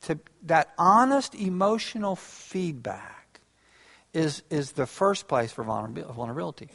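A man giving a lively, conversational talk to a large audience, often restarting his phrases. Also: sits high, unhurried. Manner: animated, conversational, frequent restarts. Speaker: speaker on relationships. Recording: long hall reverb.

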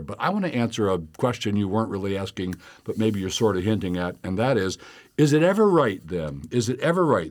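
Animated man teaching from scripture. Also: mid-range voice. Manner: animated, rises sharply when quoting taunts; reads scripture aloud, explaining verse by verse. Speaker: pastor. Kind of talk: Bible teaching, answering listener questions.

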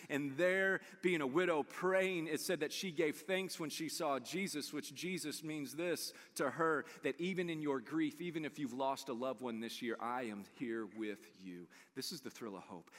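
A man preaching a sermon as a pastor, conversational and animated, sometimes acting out the people in his story. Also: mid-range voice. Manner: animated, conversational, acts out quotes. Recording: long reverb in a large room.

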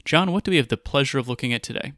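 An easygoing man co-hosting a podcast, chatting casually in a mid-range voice. His delivery is smooth, whether he is chatting or reading an intro. The recording is dry and close. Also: mid-range voice, animated, rapid-fire, a bit bright, dry recording. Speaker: podcast co-host.

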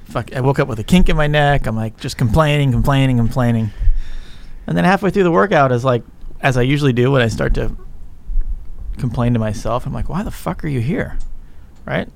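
A man hosting a podcast in a casual, ranting style, frank and profane as he tells animated stories. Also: medium pitch, brisk, gravelly, a little hiss or hum. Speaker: podcast host.

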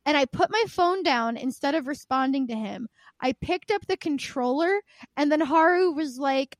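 A woman co-hosting a podcast who chats casually about video games, telling stories in an animated, profane way. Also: high voice, moderate pace, dry recording. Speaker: podcast co-host. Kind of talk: casual video game chat.

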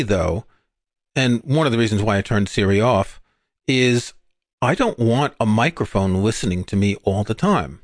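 A man from England co-hosting a podcast, chatting casually with quick jokes and asides. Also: on the low side, no echo, clean studio sound. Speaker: podcast co-host.

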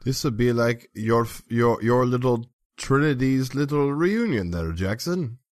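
A man's voice: medium pitch, animated, a little slow, no echo, studio quality. A man playing a tabletop game, joking around with the group and sometimes hesitating. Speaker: player. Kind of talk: casual chat in a tabletop game.

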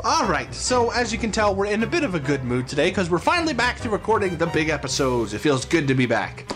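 A man's voice: sits high, sing-song, fast talker, over music. A man hosting a podcast, chatting casually and joking with playful banter. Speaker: podcast host. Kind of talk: casual chat.

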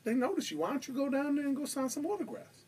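A man's voice: very high-pitched, very animated, quick pace, darkish tone, far from the mic, slight background noise, pitched above the performer's own voice. A man putting on the voice of a young male gang lieutenant, coaxing and upbeat, while telling a story.

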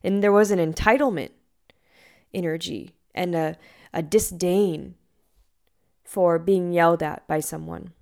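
A woman giving a reflective spiritual talk as a meditation teacher, gentle and earnest in manner. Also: fairly low pitch, normal speed, creaky, clear, resonant tone. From Hawaii. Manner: gentle and earnest, with lively acted quotes.

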